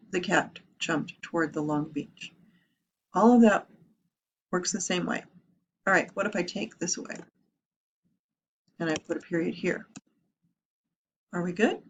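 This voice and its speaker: Female writing teacher, lower-pitched, lively and explanatory, checks in with the class as she goes. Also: measured pace, long pauses, husky. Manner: lively, explains with rhetorical questions. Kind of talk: classroom grammar lesson.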